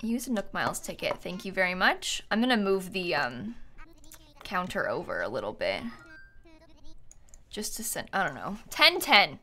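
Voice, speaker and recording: A woman's voice: lowish voice, big pitch swings, normal speed, long pauses, pushed and bright. A woman chatting casually on a live gaming stream, giggling often and thanking viewers as she plays.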